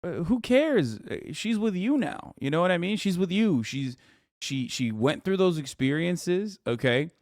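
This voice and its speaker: A man's voice: high-pitched, animated, a little slow, no room sound, studio quality. A man streamer reacting to a clip, ranting in an incredulous and profane way. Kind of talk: live-stream reaction commentary.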